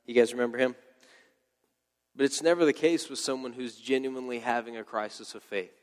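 A man's voice: mid-range voice, steady tone, a little fast, big-room sound. A man preaching a sermon in a conversational way, with joking asides and playful quoted voices. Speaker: pastor.

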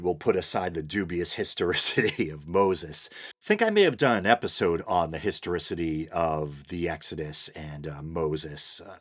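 A man's voice: rumbling low, fairly bright tone. A man with a New England accent hosting a solo podcast, talking in a wry, self-deprecating way with chuckles and "uh"s. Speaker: podcast host. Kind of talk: casual solo podcast monologue.

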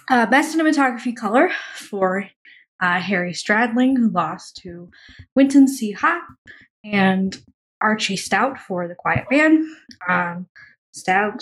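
A woman's voice: mid-range voice, slight background noise, rough recording. A woman co-hosting a film podcast, reading through nominee lists with frequent ums and uhs. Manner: reads award lists with many ums and uhs. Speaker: podcast co-host. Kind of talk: casual podcast chat.

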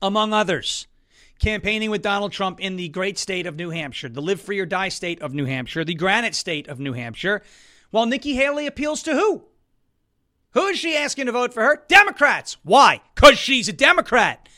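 A man hosting a political talk show, animated and sarcastic, with sudden loud emphatic bursts. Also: high voice, brisk. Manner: sarcastic, mocks opponents in put-on voices.

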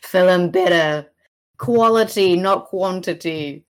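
A woman co-hosting a casual podcast chat about poetry, sarcastic and animated, with many fillers and restarts. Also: on the low side, takes it slowly. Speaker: podcast co-host.

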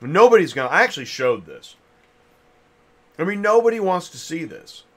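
A podcast host with a highish, fairly bright voice talks at a normal speed with big pitch swings. He's hosting a casual industry chat, rambling and thinking aloud with many restarts while chewing a cough drop.

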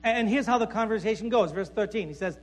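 A male pastor preaching a sermon before a congregation in a conversational way, checking in with "right?" and dropping to a soft voice for emphasis. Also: high voice, fast. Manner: conversational preaching with frequent "right?" tag questions and stammered repeats; drops to soft, quiet tones for emphasis.

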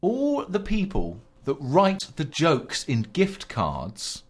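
Playful man with a lively voice. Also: a little high, slow pace. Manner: playful, mock-grandiose, trails into mutters. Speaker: podcast co-host. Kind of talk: comic banter.

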